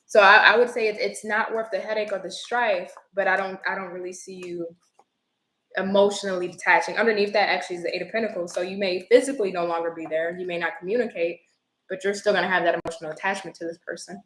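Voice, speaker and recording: A woman's voice: medium pitch, fast talker, roomy sound, a little hiss or hum, low-quality recording. Chatty woman reading tarot live. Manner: chatty, expressive, greets viewers by name. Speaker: tarot reader.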